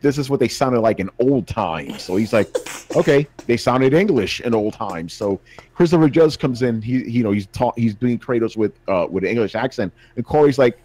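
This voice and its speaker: A man co-hosting a gaming podcast, telling stories in a relaxed, slangy way. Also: mid-range voice, a little fast. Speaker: podcast co-host and games journalist. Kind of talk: casual chat.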